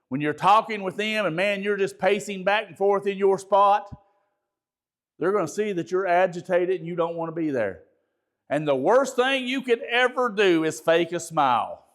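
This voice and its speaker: Pastor guy, bit higher voice, folksy teaching talk, keeps asking the crowd stuff. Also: animated, measured pace, a bit bright. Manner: folksy, repeats words, asks the audience rhetorical questions. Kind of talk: conversational training talk.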